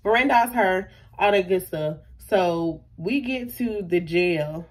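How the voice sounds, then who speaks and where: A young woman telling a storytime vlog in an animated, slangy way, often talking straight to her viewers. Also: fairly low pitch, slow pace. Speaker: YouTuber.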